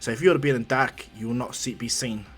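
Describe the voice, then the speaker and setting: A male host telling his own fan story in a casual, rambling way, full of ums and asides. His voice sits at an ordinary pitch for a man. A soft music bed plays behind him. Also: fast talker. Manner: rambling, with many fillers and side remarks.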